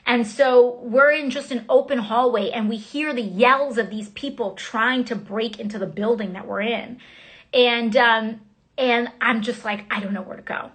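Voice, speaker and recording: A woman with a somewhat high voice talks into her phone on a casual livestream. She recounts events in rushed, halting bursts, full of fillers and restarts. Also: fairly bright tone. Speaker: member of Congress.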